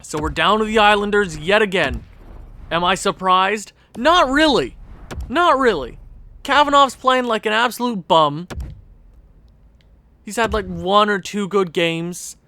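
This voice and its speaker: A man's voice: high voice, lively intonation, measured pace, pushed and bright. A young man giving casual gameplay commentary as a video creator, ranting in exasperation at the game with sighs and rueful laughs.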